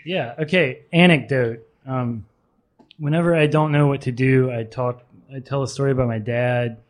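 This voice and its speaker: A man's voice: medium pitch, fairly even intonation, normal speed. A man at a live literary reading in a pub carriage house, nervously telling a rambling anecdote full of ums and restarts. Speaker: author reading at a literary event.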